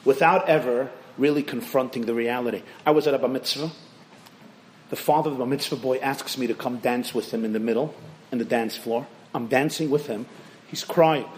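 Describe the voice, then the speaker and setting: A man giving a sermon as a rabbi, telling stories animatedly, questioning the audience directly, and swinging sharply between loud and hushed. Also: fairly quick, a little hiss or hum. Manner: animated storytelling, rising and dropping sharply in pitch and volume.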